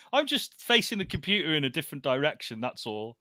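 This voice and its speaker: Clean studio sound with no room noise carries the sharp, fairly high voice of a man hosting a comics podcast live on a video call. His casual show talk is chatty and often broken by laughter.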